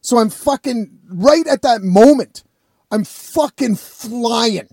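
A man's voice: extremely high pitch, lively intonation, takes it slowly, gravelly, a little mellow, no room sound, clean studio sound. A man telling a rambling, profane story in a casual vlog.

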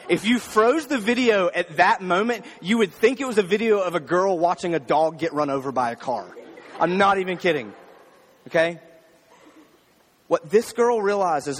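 Fast-talking preacher, higher-voiced man. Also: big-room sound. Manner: conversational preaching, addressing the crowd with "y'all". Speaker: pastor. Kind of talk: sermon.

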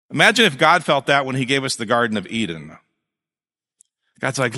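Animated male pastor in a reverberant hall. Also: medium pitch, fairly quick. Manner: conversational, animated preaching with jokes and asides. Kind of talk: sermon.

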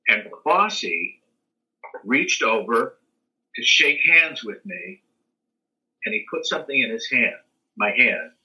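An older American man, an interview guest, telling a long story in a casual, animated way. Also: mid-range voice, slow, long pauses, muffled recording. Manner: animated storyteller, acts out quotes and sings dance beats.

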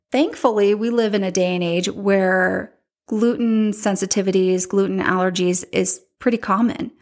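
Woman in her forties hosting her own podcast; candid, chatty storyteller who acts out quotes. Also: medium pitch. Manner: chatty and candid, breaks into animated quoted voices. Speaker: podcast host.

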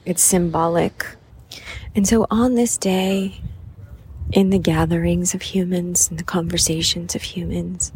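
Slow, contemplative woman with noise behind. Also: fairly low pitch. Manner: measured, contemplative, drifting into soft whispers. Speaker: podcast host. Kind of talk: slow reflective monologue. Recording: background noise.

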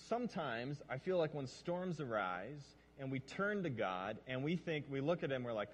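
A male pastor preaching a lively sermon and acting out lines. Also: mid-range voice, moderate pace, hardly any pauses. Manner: animated, acts out lines. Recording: long reverb of a large hall.

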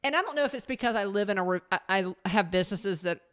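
A woman who owns a company, telling a business story in casual conversation, animated and full of restarts. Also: mid-range voice, fast. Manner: animated, many restarts and acted quotes. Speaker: podcast guest, business owner.

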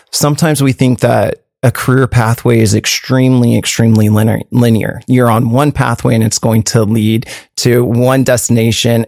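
Gravelly-voiced man explaining earnestly. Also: medium pitch, a little mellow, no echo, studio quality. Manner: earnest, explanatory, with frequent restarts and fillers. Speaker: workforce program manager, guest. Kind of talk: conversational interview.

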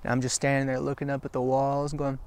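A man speaks to camera in an earnest, encouraging devotional talk, his voice sitting at an ordinary middle pitch. He leans on repetition for emphasis and often breaks off to restart his sentences. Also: completely flat delivery, a little mellow, smooth. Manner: halting with frequent restarts. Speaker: Christian video teacher.

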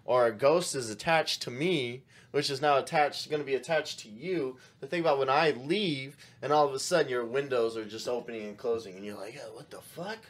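A man as a podcast guest, chatting casually and agreeing often. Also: mid-range voice. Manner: chatty, agreeable, lots of quick yeahs. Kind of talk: casual chat.

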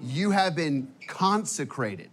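A man preaches to his church with a slightly high voice, full of fillers, quick restarts and casual slang. He sounds fired up and at times emotional. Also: very animated. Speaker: guest preacher. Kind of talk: sermon. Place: church auditorium.

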